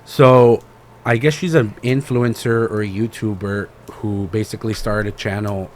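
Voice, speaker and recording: On a podcast, a male co-host rambles through a laid-back, slangy retelling, packed with fillers and calling people "bro." His voice is fairly low with fairly even intonation, and he keeps a moderate pace over a little hiss or hum.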